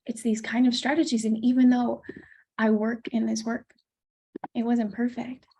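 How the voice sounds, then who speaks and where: A woman's voice: a little high, level tone, moderate pace, vocal fry, dark tone, slight background noise. A woman in her thirties teaching a course module on attachment, talking candidly and swearing casually. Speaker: coach.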